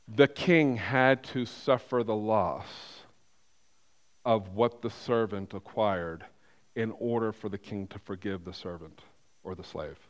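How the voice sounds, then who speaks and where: A pastor preaching a sermon, retelling a parable in an animated way with frequent restarts. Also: male voice, on the low side. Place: church sanctuary. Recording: reverberant hall.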